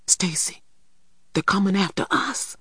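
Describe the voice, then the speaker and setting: A man's voice: sits high, lively intonation, a little slow, sharp tone, breathy edge, dry recording, clean studio sound, pitched above the performer's own voice, full character voice. A man voicing a persistent young girl. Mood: whispering. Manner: whispery, persistent. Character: bold anxious young girl.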